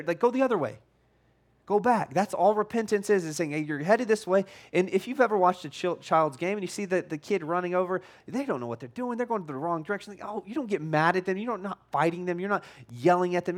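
A man delivers a sermon to his congregation, his voice sitting fairly high for a man. He talks in a casual, conversational way and slips into little acted voices when he quotes people. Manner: conversational preaching, animated, acts out quoted voices. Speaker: pastor.

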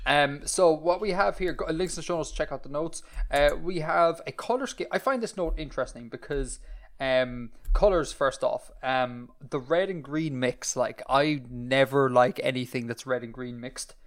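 A man's voice: medium pitch, moderate pace. A man with an Irish accent co-hosting a podcast, rambling and self-deprecating as he chats. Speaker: podcast co-host. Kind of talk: casual chat.

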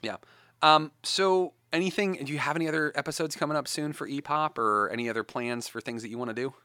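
A man's voice: a little high, fast talker, pushed and bright, dry recording, studio quality. A man hosting a podcast in casual chat, rambling with lots of ums and uhs. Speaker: podcast host.

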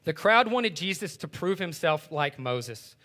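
A man with a fairly high, bright, forceful voice walks his listeners through a Bible passage. He explains it casually, like everyday talk, and keeps checking in with a quick "right?". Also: big pitch swings. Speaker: Bible teacher. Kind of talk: conversational Bible teaching.

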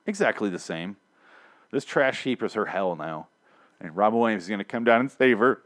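A man casually recapping a TV episode in a rambling, profane, animated way. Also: on the low side, normal speed. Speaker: TV show recapper.

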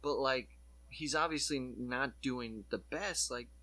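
A man in casual podcast chat, excited and swearing as he retells scenes. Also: mid-range voice, slow.

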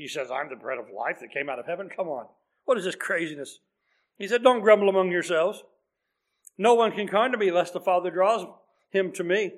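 A man's voice: high voice, a bit bright. A man preaching a sermon in an earnest, conversational way, reading scripture aloud as he goes.

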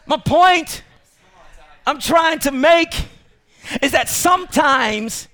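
Pastor guy with a really high voice, preaching hard, repeats lines, gets loud and shouty. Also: lively intonation, slow. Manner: emphatic, repetitive, bursts into shouting; addresses congregation directly. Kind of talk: sermon.

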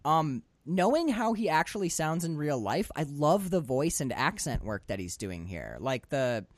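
A man's voice: on the high side, sing-song, moderate pace, dry recording. A man in his twenties, an enthusiastic podcast co-host rambling in a casual movie chat. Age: 20s.

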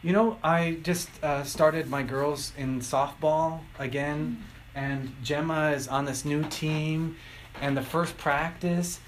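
A middle-aged man preaching a sermon, telling stories and acting out quotes with lively shifts. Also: a little high, takes it slowly, a little hiss or hum, rough recording. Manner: animated storytelling, acting out quotes.

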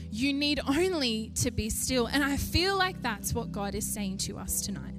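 High-voiced woman preaching a sermon. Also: moderate pace, few pauses, music in the background. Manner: animated, rising with emphasis, laughs between points.

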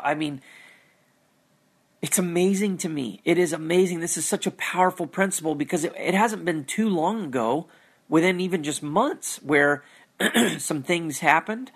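Man, slightly higher voice, earnest faith vlogger who gropes for words and repeats himself. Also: normal speed, fairly bright tone, slightly rough. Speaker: Christian vlogger. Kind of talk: reflective personal faith talk.

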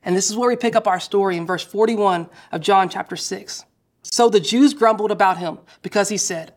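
A woman preaching a sermon, retelling a Bible story with lively quoted voices and direct questions to the listeners. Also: mid-range voice.

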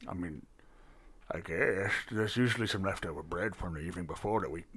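A man voicing a quiet male barkeep who talks hesitantly with lots of fillers. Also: low voice, fairly quick, breathy edge, voice pushed down. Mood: subdued. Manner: hesitant, mumbling, filler-heavy.

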